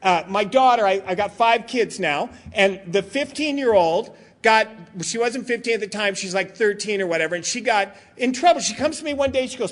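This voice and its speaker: A man's voice: high voice, animated, normal speed, few pauses. A middle-aged man giving a comic storytelling talk as a recovery meeting speaker, joking, laughing often and acting out his own lines. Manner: laughs often while telling stories.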